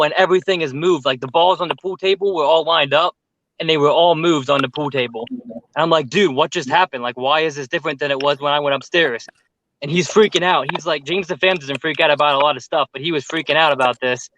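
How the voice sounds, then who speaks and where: A man telling a story with lots of fillers in casual chat on a group call, animated and talkative. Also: fairly high pitch, fairly quick, muffled recording. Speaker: paranormal youtuber telling a story.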